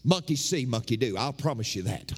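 A man's voice: mid-range voice, animated, a little fast, husky. A man preaching a sermon as pastor, emphatic and repeating his phrases for effect. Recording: long hall reverb.

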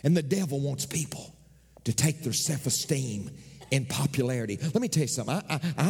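A middle-aged man preaching a sermon as pastor, swinging from shouts down to whispers. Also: high voice, breathy edge, long reverb tail.

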